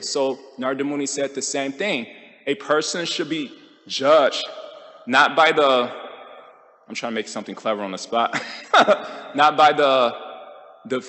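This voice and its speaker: A man teaches scripture in a relaxed, storytelling way, dropping quick jokes and playful impressions. His voice sits at an ordinary middle pitch. The sound carries a long reverb, as from a big temple hall. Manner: conversational, joking, quick mock impressions. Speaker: temple speaker. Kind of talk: scripture class.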